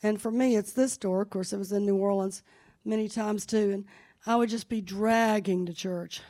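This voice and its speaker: Speaking at medium pitch in a steady, dark tone and at normal speed, a woman leads a sanctuary service. She tells her family's news in a chatty, anecdotal sermon with testimony that builds to fervent prayer.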